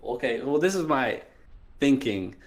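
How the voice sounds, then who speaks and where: A young man calling in for dating advice, earnest and hesitant, often trailing off quietly. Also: mid-range voice, expressive, measured pace. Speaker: caller asking for dating advice. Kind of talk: casual call-in chat.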